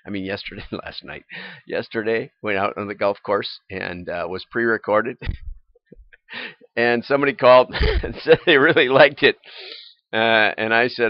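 An older man hosts a casual livestream, rambling and chuckling often as he goes over news items. His medium-pitched voice moves at a moderate pace. The dry livestream audio is dull and lo-fi, with no room sound.

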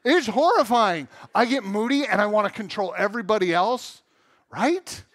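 A man's voice: high-pitched, animated, moderate pace, fairly bright tone, no echo, studio quality. A middle-aged man from Southern California preaching a sermon in church, candid and self-mocking, acting out the voices he quotes. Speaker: pastor. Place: church sanctuary.

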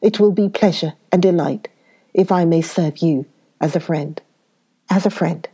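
A woman's voice: on the low side, warm tone, slightly rough. A woman reading a solemn old foreign professor. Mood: earnest. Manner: solemn, halting, oddly worded speech. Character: elderly foreign male professor, earnest, effusive. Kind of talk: audiobook character reading.

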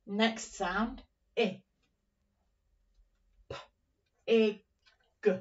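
A woman teaching young children a phonics lesson, speaking in a slow, encouraging, sing-song way and sounding out words. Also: mid-range voice, steady tone. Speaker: primary teacher. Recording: dull, slightly distant recording.

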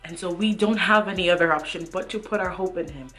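A young woman, lower-pitched voice, devotional vlog to camera, earnest, chatty fillers, faint music behind. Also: fast talker, a bit bright. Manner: earnest and encouraging, many "like" and "you know what I mean". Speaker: Christian vlogger. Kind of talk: casual devotional talk to camera.

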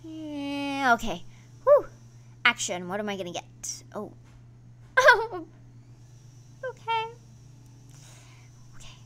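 Her voice is high, and she speaks slowly with long pauses. She's hosting her own gaming channel, narrating a casual let's-play with excitable energy and teasing grumbles.

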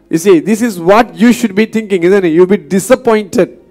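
A pastor preaching a sermon earnestly, repeating points and asking the congregation questions. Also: male voice, high voice, moderate pace, a little mellow, soft background music.

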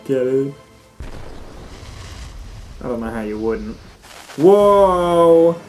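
A young man giving animated, swear-filled let's-play commentary, often squealing and shouting at the game. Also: medium pitch, slow, faint music behind. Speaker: gaming let's-play host.

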